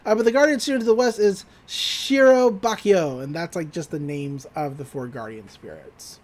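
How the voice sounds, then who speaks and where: A woman's voice: fairly low pitch, normal speed, a little mellow. A woman co-hosting a podcast, chatting casually and recapping an episode while briefly acting out the characters' lines. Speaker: podcast co-host.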